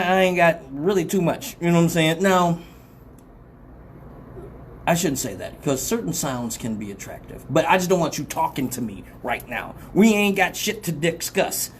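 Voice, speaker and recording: A woman's voice: lowish voice, animated, normal speed, a little hiss or hum. A woman hosting a live radio talk show, blunt and profane, rambling, laughing often and slipping into mock voices as she talks.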